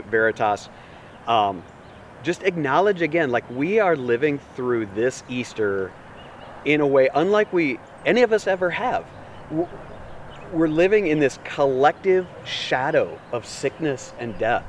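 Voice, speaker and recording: A man preaching an Easter sermon as pastor, telling the story in an animated, dramatic way with big swings in pitch. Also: far from the mic, a little hiss or hum.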